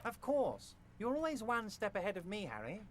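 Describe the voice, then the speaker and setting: An actor voicing a jovial, scheming male union boss in a video game, talking in an oily, flattering, folksy way. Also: high voice, moderate pace, a little hiss or hum. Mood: schmoozing.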